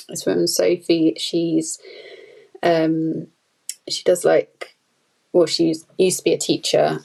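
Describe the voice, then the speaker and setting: Woman, low gravelly tone, relaxed rambling chat. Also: poor audio. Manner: chatty, rambling, with frequent fillers and laughs. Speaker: podcast guest, food photographer. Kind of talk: casual conversational interview.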